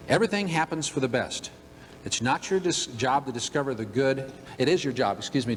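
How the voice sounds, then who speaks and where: An older man giving a motivational talk, telling a humorous story in an animated way to a room of listeners. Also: medium pitch, a little hiss or hum. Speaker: motivational speaker. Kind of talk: storytelling keynote speech. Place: event room with audience. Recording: long hall reverb.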